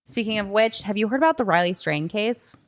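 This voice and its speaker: A woman's voice: mid-range voice, animated, brisk. A young adult woman hosting a podcast in casual chat, rambling and filling her talk with "like.". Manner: chatty, rambling, heavy use of filler "like". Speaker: podcast host. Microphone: podcast microphone.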